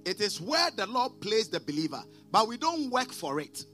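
A man preaching a sermon as pastor, emphatic, calling on the congregation to repeat after him and swinging between loud declarations and quiet asides. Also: high voice, big pitch swings, moderate pace, soft background music. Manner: preaching with call-and-response prompts to the congregation.

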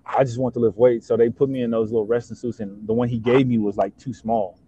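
Young man, casual chat, mellow voice, excitable, profane, slangy, dull lo-fi recording. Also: medium pitch, fast, husky. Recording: dull lo-fi sound.

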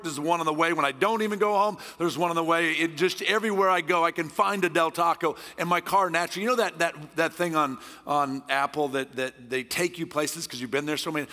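A middle-aged man from Southern California, a guest pastor preaching a sermon in a loud, intense, passionate way. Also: on the high side, quick pace, hardly any pauses. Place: church hall. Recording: long church hall reverb.

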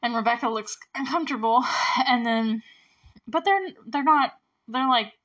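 A woman's voice: fairly high pitch, moderate pace, a bit bright. A young woman casually recapping a movie as host, chatty and giggly, with many fillers.

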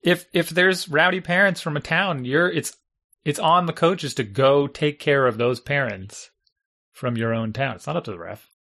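A man's voice: on the high side, moderate pace, sharp tone. Talkative middle-aged man in casual chat. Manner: talkative, explains with acted-out examples. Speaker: youth soccer coach and parent.

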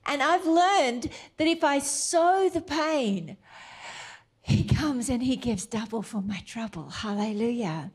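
Middle-aged woman preacher: slow, gentle, emphatic delivery; light, higher voice. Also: lively intonation, slightly rough. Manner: slow, tender and emphatic, dropping into soft whispered asides. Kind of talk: sermon.

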